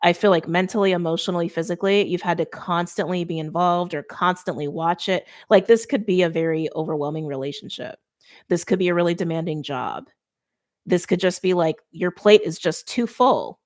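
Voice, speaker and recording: A woman giving a casual tarot reading straight to her viewers, chatty and informal, with quick laughs and lots of "like". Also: lowish voice. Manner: talks straight to viewers by sign. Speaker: tarot reader.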